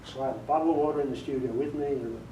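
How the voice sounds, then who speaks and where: A man's voice: medium pitch, steady tone, rapid-fire, lo-fi sound, background noise. A man giving a casual workshop talk on audiobook narration, chatty and self-amused, laughing often and demonstrating inflections. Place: meeting room before a group. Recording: echoey room, recorded from far off.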